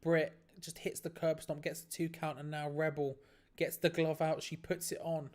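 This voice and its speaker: A man hosting a live stream, giving excitable play-by-play reactions to a match, laughing often and restarting his phrases. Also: fairly high pitch, moderate pace. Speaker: watch-along stream host.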